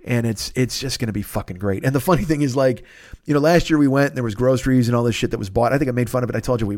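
A man in his fifties talks quickly and loosely through a solo podcast monologue, excitable and swearing freely. His voice sits at an ordinary pitch and is caught close on the mic with a dry, roomless sound. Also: no room sound. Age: 50s. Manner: profane, rambling and excitable. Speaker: podcast host.

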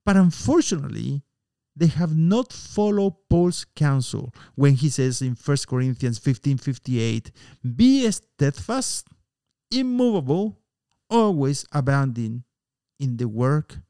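Man preaching a sermon, slow and deliberate, mellow smooth voice, earnest and emphatic. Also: mid-range voice, dry recording, clean studio sound. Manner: earnest, emphatic, with pauses and fillers.

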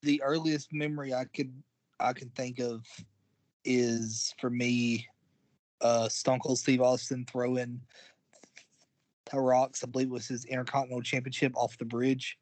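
A man's voice: mid-range voice, level tone, unhurried, darkish tone, dry recording. A man co-hosting a casual podcast chat, hesitant and restarting his sentences. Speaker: podcast co-host.

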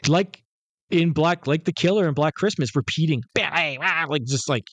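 A man's voice: fairly high pitch, normal speed, no room sound. Rambling, swearing male podcaster. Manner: rambling, profane, acts out quotes. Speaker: podcast co-host. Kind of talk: casual storytelling chat.

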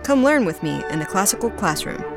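A woman's voice: mid-range voice, big pitch swings, brisk, over music. A woman hosting a radio interview, friendly and curious, with an easy laugh. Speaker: host.

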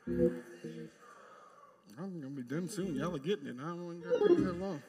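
High, gravelly-voiced preacher man. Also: animated, loud music behind the voice. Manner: emphatic preaching, drawn-out pauses, addresses the congregation directly. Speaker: pastor. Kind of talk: sermon. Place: church sanctuary before a live congregation.

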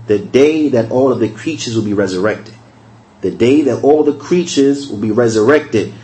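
A religious teacher speaks in a mellow, mid-range male voice, delivering a recorded lesson in a conversational style. He repeats key phrases, poses rhetorical questions, and slows down to spell out verses. The recording quality is rough.

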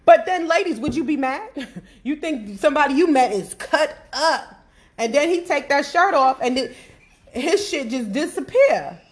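A woman hosting a podcast in casual chat, animated and laughing as she talks to listeners. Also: sits high, moderate pace. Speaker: podcast host.

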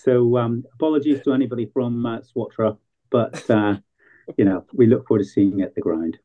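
Northern irish guy, club co-owner, relaxed storyteller, sounds like a tinny phone line. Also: mid-range voice, a little fast. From Northern Ireland. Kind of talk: casual interview chat.

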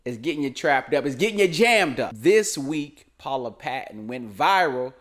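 A man's voice: mid-range voice, normal speed. A young man hosting a comedic commentary show, ranting loosely in slangy casual speech. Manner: animated, slangy, keeps saying "man".

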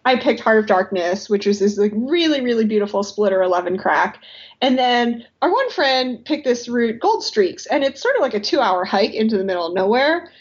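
A woman telling a climbing story in casual chat, animated and laughing often. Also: on the high side, normal speed, slightly rough. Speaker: podcast guest or co-host, rock climber. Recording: dull, lo-fi podcast audio.

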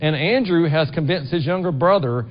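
Preaching at a normal speed in a church sanctuary, a middle-aged pastor has a fairly high, expressive voice and a conversational style, frequently asking the congregation "right?" The audio is dull, with long reverb.

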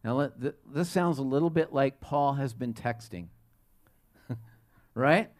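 A man's voice: mid-range voice, unhurried. A middle-aged man, a pastor, preaching a conversational sermon full of restarts and rhetorical questions to his congregation.

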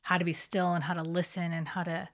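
A woman co-hosting a casual chat about faith, speaking in a reflective, soft-spoken way. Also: lowish voice, little pitch movement, quick pace.

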